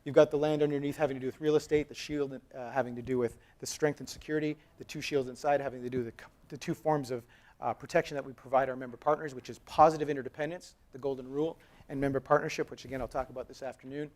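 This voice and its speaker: A man in his thirties speaks quickly on a conference stage. His talk is loose and conversational. He jokes with the audience as he tells his story. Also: mid-range voice. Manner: animated storytelling, acts out quoted dialogue. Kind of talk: live conference presentation. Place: conference hall.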